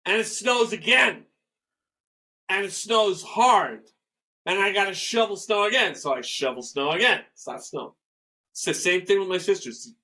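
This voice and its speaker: Older man, interview guest, rambling storyteller, bright voice. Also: high-pitched, normal speed, poor audio. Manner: rambling, animated, acts out quoted dialogue. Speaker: guest musician.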